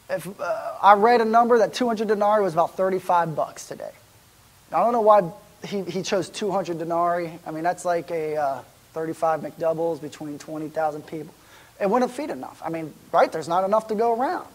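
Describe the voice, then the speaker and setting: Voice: mid-range voice, brisk. A pastor giving a sermon in a church, speaking in a casual, conversational way. The preacher keeps wondering aloud and putting rhetorical questions to the congregation.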